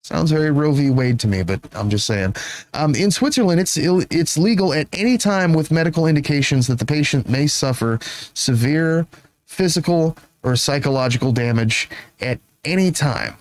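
A man hosting a show, giving sarcastic, halting commentary between news clips, with many fillers and restarts. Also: a little high, animated, no echo, poor audio. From United States. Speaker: show host.

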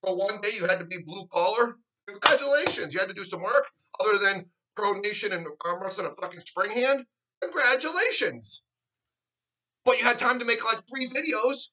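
Man, high-pitched, bright and forceful, confrontational, sarcastic, swearing rant. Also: brisk, hardly any pauses, poor audio. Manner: confrontational, sarcastic, mocks others in put-on voices. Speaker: arm wrestler vlogging a response. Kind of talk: heated profane rant to camera.

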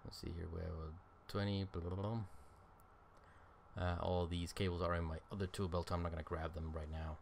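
Low, gravelly and a little mellow, this man's voice has little pitch movement and moves fairly quickly over a bit of hiss or hum. He's a game streamer doing casual let's-play commentary, tired and yawning, rambling as he thinks aloud through many fillers.

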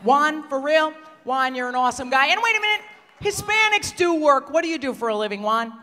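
A woman stand-up comedian doing a crude, brash insult comedy set on stage, teasing audience members and often shouting. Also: high-pitched, animated, brisk. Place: stage in a large theater before a live audience. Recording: live hall recording with loud audience.

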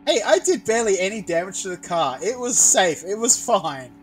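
A young man chatting casually while playing a co-op video game, excitable and quick to yelp and laugh. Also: high voice, soft background music. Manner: excitable, yelps and laughs at scares. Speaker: gaming YouTuber. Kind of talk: casual co-op gaming chat.

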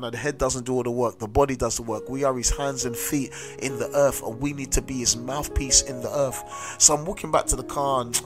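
A South London man preaches with steady conviction, mixing his own story into the sermon. His voice sits in an ordinary middle pitch and keeps returning to "amen." Music plays clearly beneath him. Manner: earnest, repeats "amen" and "listen to me". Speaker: street preacher. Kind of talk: sermon with personal testimony. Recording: music playing under the voice.

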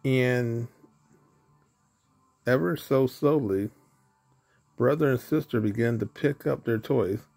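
Gravelly-voiced man reading a storybook. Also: mid-range voice, takes it slowly, pauses often, a little mellow, soft background music. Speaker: narrator. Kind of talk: storybook read-aloud.

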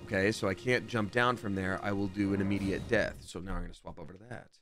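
A man's voice: sits low, quick pace, faint music behind. A man casually commenting while playing a game on a live stream, chatty and jokey, reading out viewer donations. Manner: animated, jumps between mumbling and excited.

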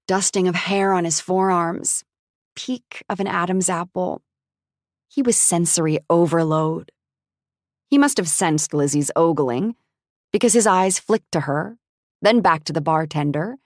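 Wry, low-voiced woman narrating an audiobook. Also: dry recording, clean studio sound. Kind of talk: scripted narration.

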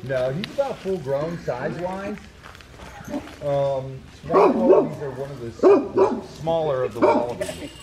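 A man's voice: a little high, big pitch swings, unhurried, low-quality recording. A man who owns an animal sanctuary, giving plain, matter-of-fact explanations of the animals. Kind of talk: casual chat. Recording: outdoor group chatter behind.

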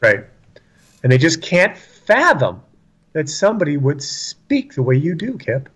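A man's voice: a little high, sing-song, measured pace, fairly bright tone, slightly rough. A man talking about scripture in a casual but preachy discussion, emphatic and repeating phrases for stress. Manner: emphatic, repeats lines for stress, acts out quotes.

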